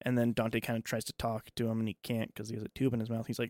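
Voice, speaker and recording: A man's voice: mid-range voice, completely flat delivery, fast talker, darkish tone, no room sound, studio quality. A man co-hosting a casual podcast, retelling film scenes and acting out the characters' lines. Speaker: podcast co-host. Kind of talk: casual movie discussion.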